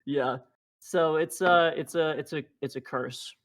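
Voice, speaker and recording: A man co-hosting a podcast in casual chat, rambling with restarts and quick laughs. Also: on the high side, a bit bright. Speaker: podcast co-host.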